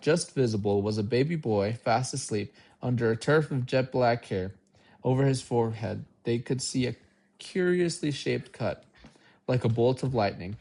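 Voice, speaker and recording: Male amateur audiobook narrator, unhurried, mid-pitched voice. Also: a little mellow. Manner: unhurried, occasional slips and restarts. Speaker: audiobook reader.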